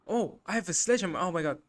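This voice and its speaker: A young gaming YouTuber speaks fast in a high voice with lively intonation. His gameplay commentary is frantic, full of panic and short phrases repeated over and over.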